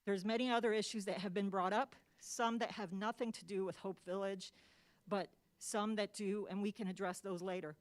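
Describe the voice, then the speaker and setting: A woman's voice: medium pitch, fairly even intonation, moderate pace. Impassioned woman speaking at a council meeting. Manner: impassioned and emphatic, repeating key phrases. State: emotional. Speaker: public commenter advocating for a housing project. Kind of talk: public comment speech. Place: city council meeting chamber.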